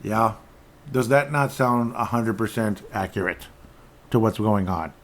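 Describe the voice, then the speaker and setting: A man's voice: on the low side, unhurried. Rambling, sarcastic man hosting a solo show. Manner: rambling, stumbles and restarts, sarcastic asides. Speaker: podcast host. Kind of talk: casual solo commentary on headlines and chat comments.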